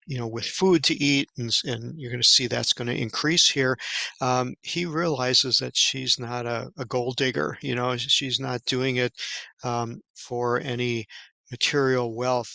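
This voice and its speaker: A man giving an informal Bible study lesson, talking in a casual, halting way with many fillers and restarts. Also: mid-range voice, gravelly, bright, forceful tone, no room sound, poor audio. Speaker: Bible teacher.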